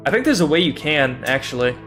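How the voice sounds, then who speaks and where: A young male streamer with a slightly higher-than-usual voice rambles through a game, chatty and loose. He swears freely and keeps mocking himself, laughing often as he talks to his chat. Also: very animated, fast, fairly bright tone, faint music behind. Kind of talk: casual gaming livestream commentary.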